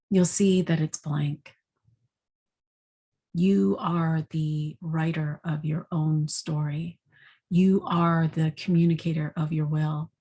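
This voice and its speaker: A woman, an intuitive energy coach, giving a spoken forecast with gentle, vivid storytelling. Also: low voice.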